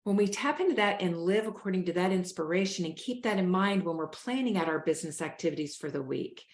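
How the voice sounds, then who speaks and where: A woman's voice: fairly low pitch, expressive, fast talker. A woman, hosting a motivational talk and coaching listeners on stress in an earnest, encouraging way. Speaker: show host and wellness coach. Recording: roomy echo.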